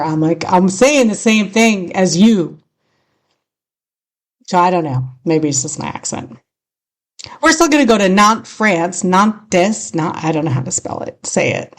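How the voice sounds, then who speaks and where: Chatty California woman hosting a radio show. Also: on the low side. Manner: chatty, self-deprecating, laughs often, trips over words. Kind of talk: casual rambling show hosting.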